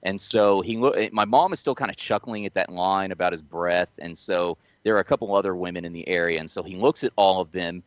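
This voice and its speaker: A man's voice: low-pitched, a little fast, hardly any pauses, no room sound, dull audio. A man co-hosting a podcast, telling a long anecdote in casual chat with restarts and laughs along the way. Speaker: podcast co-host.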